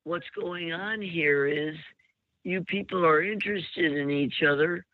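A man's voice: on the high side, a little slow, dry recording. A man hosting a call-in advice show who talks bluntly and lectures, often cutting the caller off. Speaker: radio advice host. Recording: phone-like narrow sound.

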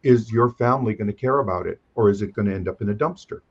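A man with a lowish, slightly husky voice talks shop as an auctioneer, animated and full of anecdotes. The recording sounds dull and lo-fi. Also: quick pace. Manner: animated, chatty storyteller. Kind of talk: conversational interview.

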